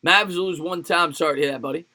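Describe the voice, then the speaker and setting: A man hosting a live sports stream, calling plays with excitement and chatting casually with viewers between plays. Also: fairly high pitch, fast talker. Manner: excitable play-by-play calls, rambling chat between plays. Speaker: livestream sports host. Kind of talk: live play-by-play and chat with viewers.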